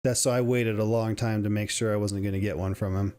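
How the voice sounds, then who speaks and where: A man's voice: on the low side, fairly even intonation, quick pace, mellow. Chatty man rambling on a podcast. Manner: rambling, laughs often, restarts sentences. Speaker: podcast co-host. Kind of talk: casual chat.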